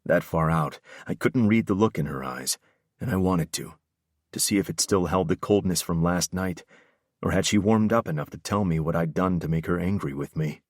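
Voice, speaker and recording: A man's voice: deep voice, moderate pace, dry recording, clean studio sound. A man narrating a first-person audiobook with an intense, brooding delivery.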